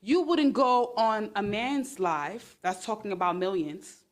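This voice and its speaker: A woman hosting a casual livestream on her phone, talking in a sarcastic, exclamatory and animated way. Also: medium pitch, a little slow. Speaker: livestream host.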